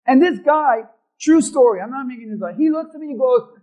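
A man's voice: extremely high pitch, lively intonation, fairly quick, darkish tone, poor audio. A man preaching as a pastor, telling a personal story and calling for responses from the congregation. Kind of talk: sermon.

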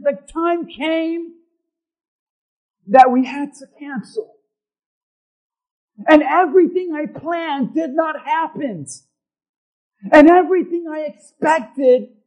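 A man's voice: extremely high pitch, lo-fi sound. A man preaching as a pastor, telling a personal story and calling for responses from the congregation. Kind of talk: sermon.

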